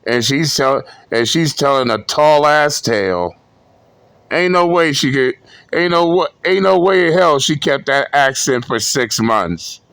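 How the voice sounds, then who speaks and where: Slow, gravelly man mocking. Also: mid-range voice, expressive, a bit bright, dry recording. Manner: blunt, profane, scornful. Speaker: reaction commentator. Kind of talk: mocking commentary.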